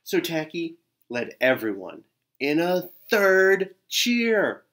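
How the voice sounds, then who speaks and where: A man reading a children's picture book aloud in an expressive way, with gasps and sighs. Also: fairly high pitch, takes it slowly. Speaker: storyteller.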